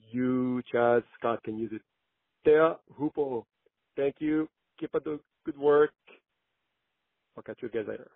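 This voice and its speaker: A man from Tahiti, a caller leaving a phone message who speaks slowly and deliberately and repeats a word carefully. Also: mid-range voice, no echo. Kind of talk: phone voicemail. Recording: tinny phone line.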